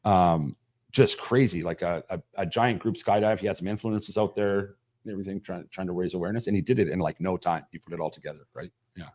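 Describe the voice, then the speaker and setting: A man's voice: low-pitched, fast talker, darkish tone. A man hosting a live podcast stream in loose, jokey banter, swearing freely. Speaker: podcast host. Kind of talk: casual live-stream chat.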